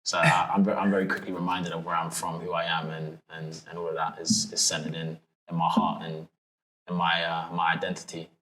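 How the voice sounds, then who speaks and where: A man's voice: deep voice, fairly quick. A young man from London with a London accent, chatting casually as an interview guest, with lots of fillers and restarts. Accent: London English. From London, England. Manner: relaxed, many fillers and restarts. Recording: echoey room.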